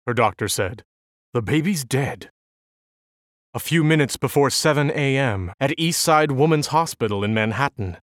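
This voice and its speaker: An audiobook narrator reading a novel in a measured, even storytelling manner. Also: medium pitch, no room sound, studio quality. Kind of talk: scripted narration.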